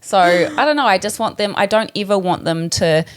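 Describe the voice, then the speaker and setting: A woman's voice: mid-range voice, normal speed. A woman co-hosting a podcast, blunt and teasing in casual chat. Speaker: podcast co-host.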